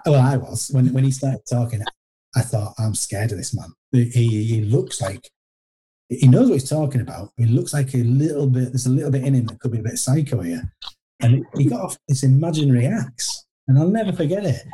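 A middle-aged man with a very dark, mellow voice, speaking at a mid pitch. He tells old stories from his playing days in a loose, rambling way, often restarting sentences and poking fun at himself. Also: animated, brisk, a little hiss or hum. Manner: rambling anecdotal, frequent restarts, self-deprecating. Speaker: former footballer guest. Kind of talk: casual interview storytelling.

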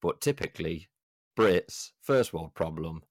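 A British man with a very low, deep voice, talking in a blunt, rambling podcast chat style. He swears freely and slips into mock voices of other people. The sound is dry and close, with no room around it. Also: lively intonation, takes it slowly, no echo. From United Kingdom.

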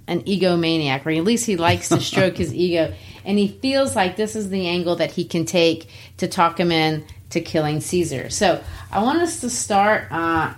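A woman teaching a literature lesson in a casual way, explaining scenes and paraphrasing lines in plain words. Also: fairly low pitch.

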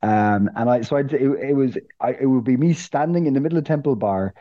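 An Irish man co-hosting a podcast, telling stories in casual chat, animated and cursing freely. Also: medium pitch, a little fast, lo-fi sound. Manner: animated, swears freely, repeats words while storytelling. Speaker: podcast co-host.

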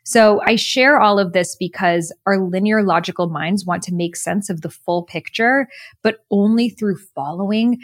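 Earnest, animated woman telling her story. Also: mid-range voice, moderate pace, no room sound, studio quality. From United States. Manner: earnest, animated, spiritual-motivational talk. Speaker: podcast guest, author and coach. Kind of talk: reflective conversational storytelling.

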